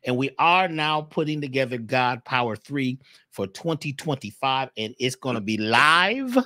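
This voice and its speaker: A man's voice: mid-range voice, animated, unhurried, bright, forceful tone, no room sound, studio quality. A man talking in a passionate, preacherly way in a casual chat. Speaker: guest speaker.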